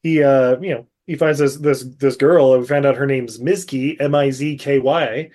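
A man's voice: medium pitch, fairly even intonation, moderate pace, dark tone. A man casually recapping a movie on a podcast, rambling with lots of fillers and frequent laughter. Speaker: podcast co-host.

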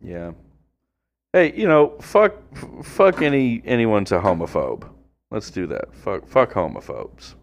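A man's voice: on the low side, measured pace, a little hiss or hum. Crude joking man, casual banter. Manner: crude, joking, bursts into excited yelling. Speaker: podcast co-host calling a baseball game.

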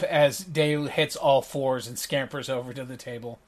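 A man's voice: medium pitch, fairly even intonation, a little slow. Male GM, mid voice, casual narration with fillers. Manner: chatty with many fillers and restarts. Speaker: game master. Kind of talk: narrating a tabletop game.

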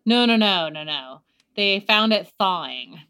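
A woman's voice: mid-range voice, expressive, a little slow, bright, forceful tone, clear, resonant tone. Emphatic woman podcast host. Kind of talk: casual chat.

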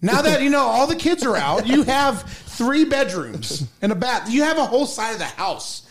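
Casting: man, high and lively voice, dry wit, chatty co-host. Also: normal speed, crowd noise. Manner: dry joking storyteller. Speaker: podcast co-host. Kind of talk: casual chat.

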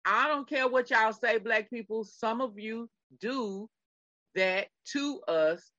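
A middle-aged woman co-hosts a casual podcast chat in a bright, forceful voice. She is emphatic and speaks straight to her listeners. The sound is dry and a little dull. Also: fairly high pitch, takes it slowly, no room sound. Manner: emphatic, addresses listeners directly. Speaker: podcast co-host.

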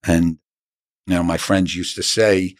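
A man's voice: low voice, flat delivery, measured pace, dry recording, studio quality. A middle-aged man, an author telling his story earnestly in an interview and acting out the dialogue he recalls. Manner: earnest, acts out quoted dialogue.

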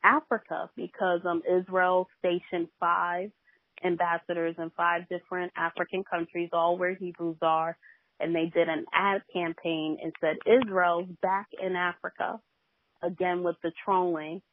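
A woman's voice: lowish voice, level tone, a little slow, dry recording. Woman telling a faith testimony over the phone. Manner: storytelling, with many hesitations. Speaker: podcast guest, minister. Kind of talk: faith testimony in a podcast interview. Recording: tinny phone line.

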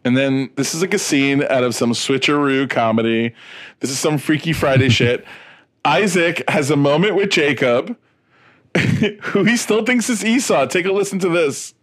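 An excitable male podcast co-host with a fairly high, husky voice that swings widely in pitch. He tells the story in a giggly, animated way. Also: moderate pace. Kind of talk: casual chat.

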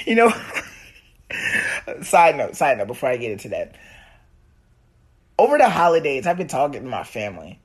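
A man's voice: fairly high pitch, fairly bright tone. A young man hosting his own podcast, ranting casually in a rambling, profane way. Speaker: podcast host. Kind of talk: solo podcast rant.

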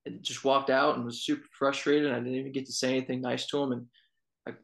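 Young man, quick talker, gravelly voice, level flat delivery, casual interview. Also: mid-range voice, low-quality recording. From Texas. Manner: storytelling, relaxed, many fillers. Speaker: college baseball assistant coach.

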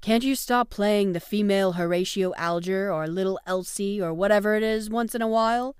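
A woman's voice: medium pitch, a little fast, smooth, no room sound, studio quality, close to an everyday voice. A woman voicing a big easygoing male press agent who jokes sheepishly. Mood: joking. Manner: sheepish, joking.

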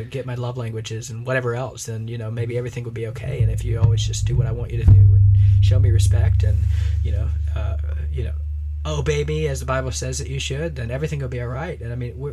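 A man's voice: mid-range voice, quick pace, background noise. A man co-hosting a religious podcast, talking emphatically and preachily and acting out quoted voices in casual discussion. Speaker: podcast co-host.

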